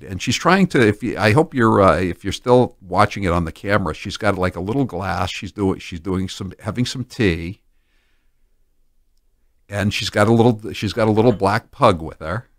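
A man's voice: low voice, dry recording. A man hosting a talk radio show in a studio, delivering a sarcastic, mocking monologue into a studio microphone.

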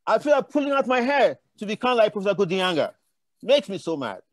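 This older African panelist talks fast in a high voice with big pitch swings, telling fervent, digressive stories full of restarts. The recording is dry.

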